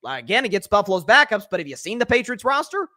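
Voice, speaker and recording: Young male sports podcaster, high bright voice, fired-up casual opinion talk. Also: quick pace. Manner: energetic opinionated rant. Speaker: podcast host.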